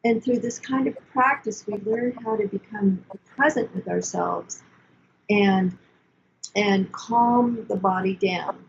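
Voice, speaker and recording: Older woman therapist, gravelly and calm. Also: medium pitch, takes it slowly, lo-fi sound, slight background noise. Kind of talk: conversational teaching.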